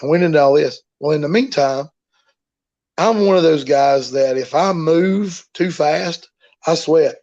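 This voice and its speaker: A man's voice: a little high, a little slow, darkish tone, lo-fi sound. A man, a professional wrestler, telling stories in a rambling, folksy way during an interview. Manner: rambling, repeats himself, folksy. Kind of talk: casual storytelling in an interview.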